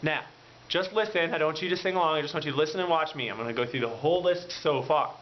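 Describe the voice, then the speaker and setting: A man teaching a language lesson through call and repeat, drawing words out and swinging his pitch up and down on each drilled word. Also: expressive, brisk. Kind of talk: slow, drawn-out classroom teaching with call and repeat. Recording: dull lo-fi sound with faint noise.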